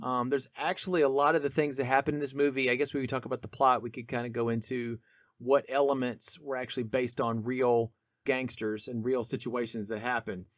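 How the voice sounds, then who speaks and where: A man's voice: medium pitch, flat delivery, fairly quick, no echo, clean studio sound. A man co-hosting a casual film discussion podcast, rambling with many restarts and fillers. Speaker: podcast co-host.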